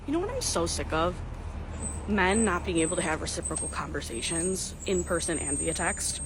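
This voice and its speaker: A woman's voice: on the low side, animated, moderate pace, long pauses, background noise. Sarcastic woman recounting a bad date. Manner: dramatic, sarcastic retelling. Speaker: dating content creator. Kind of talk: casual storytelling to camera.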